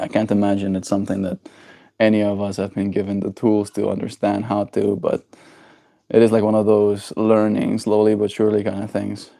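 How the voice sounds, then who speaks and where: Young South African male streamer, low gravelly voice, loose joking chat with viewers. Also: warm tone, no room sound. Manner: joking, reads chat aloud and answers it. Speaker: livestreamer. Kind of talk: casual live-stream chat.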